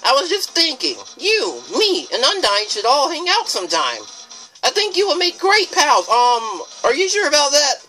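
A let's player voicing a loud, cheerful skeleton from a video game, eager and upbeat. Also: high voice, sing-song, moderate pace, faint music behind, pitched above the performer's own voice, full character voice, low-quality recording.

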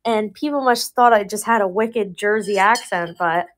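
A woman in her twenties chatting casually on a live sales stream, talkative and quick to laugh at her own slips. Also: medium pitch, a little hiss or hum. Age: 20s. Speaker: live online seller. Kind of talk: casual live-sale chat.

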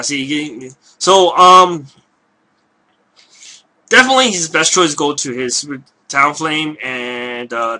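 Hoarse guy doing game commentary, super bright tense voice, lots of uhs and restarts. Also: fairly high pitch. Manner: rambling and hesitant, many fillers and restarts. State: hoarse, losing his voice, clearing his throat. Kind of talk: casual live game commentary.

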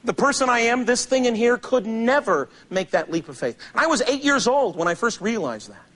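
A man performing a stand-up monologue on a theater stage, telling stories in an animated, sardonic way. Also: extremely high pitch, normal speed. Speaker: comedian. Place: theater stage before a large audience.

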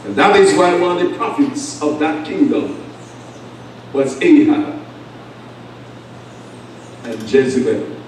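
A man with an Antiguan accent preaching a sermon as pastor, emphatic, with call-and-response and long pauses. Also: on the high side, expressive, a little mellow, a little hiss or hum. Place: church sanctuary. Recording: echoey church sound from far off.

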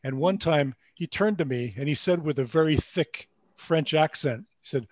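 A man in casual chat on a video call, telling a story with many pauses and ums. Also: a little high, no echo. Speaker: musician guest.

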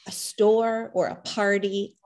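A woman hosting an interview over a video call, asking measured, curious questions. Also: medium pitch, level tone, darkish tone. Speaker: host.

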